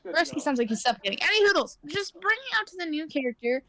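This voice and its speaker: A woman with a high voice narrates a tabletop adventure as game master, casual and rambling, stopping often for fillers and restarts. Her voice comes through dry and close, with no room sound behind it. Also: expressive, fast talker, bright, forceful tone, no room sound.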